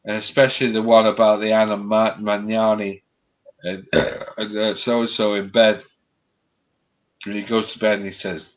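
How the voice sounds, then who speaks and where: Man, low voice, dull lo-fi stream audio; laughing storyteller, swears a lot. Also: flat delivery, moderate pace. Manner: laughing storyteller, acts out quotes, swears freely. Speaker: live stream co-host. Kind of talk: casual chat, retelling comedy sketches.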